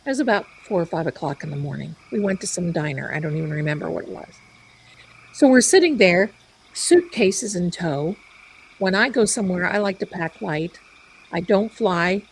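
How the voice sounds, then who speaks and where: A woman hosting a live stream, telling a story in an animated, chatty way. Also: fairly low pitch, normal speed, a little hiss or hum, low-quality recording. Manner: animated, chatty, loud bursts of laughter. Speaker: psychic live-stream host.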